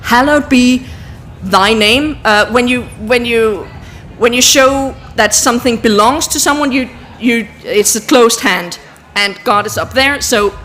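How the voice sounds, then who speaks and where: Slow, deliberate woman. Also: a little high, a bit bright, a little hiss or hum. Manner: slow, deliberate, with many fillers. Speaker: panel speaker teaching sign language. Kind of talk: live talk teaching a prayer in signs. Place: outdoor public event.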